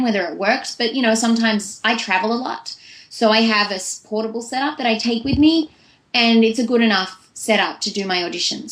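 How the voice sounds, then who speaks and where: A woman's voice: medium pitch, fairly bright tone, reverberant, poor audio. A young woman, a voice actress, giving chatty, long-winded answers in a casual interview. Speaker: voice actress guest.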